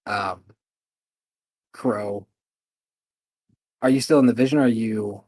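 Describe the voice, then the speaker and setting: A man narrating a tabletop game as game master, calm and a little hesitant. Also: fairly low pitch, slow pace, dry recording.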